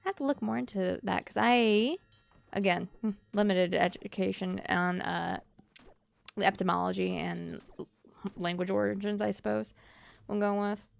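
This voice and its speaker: Gravelly-voiced woman streamer chatting. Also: mid-range voice, steady tone, normal speed, no echo. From Louisiana. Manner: chatty, musing, reading chat aloud. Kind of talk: casual chat while streaming a game.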